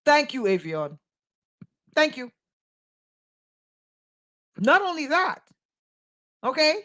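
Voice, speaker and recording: Casting: woman, spiritual teacher, slightly high voice, deliberate pace, emphatic and sarcastic. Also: sing-song, fairly bright tone. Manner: emphatic, rhetorical questions, sarcastic asides. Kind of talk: impassioned spoken monologue.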